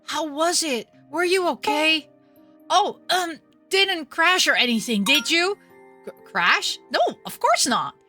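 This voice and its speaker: A woman voicing Ten, an emotional young woman, in high, gushing lines while reading a visual novel aloud. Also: animated, slow pace, bright, forceful tone, faint music behind, heavily acted. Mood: overjoyed, fussing. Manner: high, gushing and breathless with relief.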